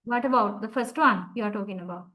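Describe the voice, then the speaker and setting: Slow, patient woman teacher on a call. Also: mid-range voice, a bit bright. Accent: South Asian English. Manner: slow, patient prompting with many fillers. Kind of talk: online class.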